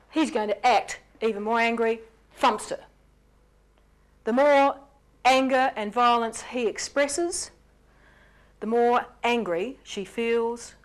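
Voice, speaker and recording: A woman with a mid-range voice delivers an explanatory lecture. Her delivery is lively, jumping up in pitch to stress key words. She acts out the lines she quotes in character.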